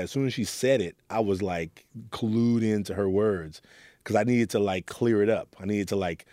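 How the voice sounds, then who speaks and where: A middle-aged man from Oakland, California, who mentors young people, gives an earnest, reflective interview and acts out the lines he quotes. His voice is lowish and darkish at a moderate pace, recorded at studio quality with no room sound.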